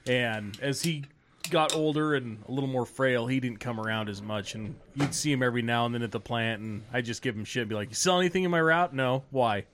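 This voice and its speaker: A man's voice: medium pitch, steady tone, a little fast, a bit bright. A man joining a casual podcast chat, teasing the others and cracking jokes. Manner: teasing, wisecracking. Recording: noisy background.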